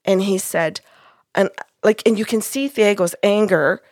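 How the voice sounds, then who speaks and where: A woman's voice: mid-range voice, moderate pace, dry recording, clean studio sound. A woman podcast host retelling a session in casual chat, acting out the quoted dialogue.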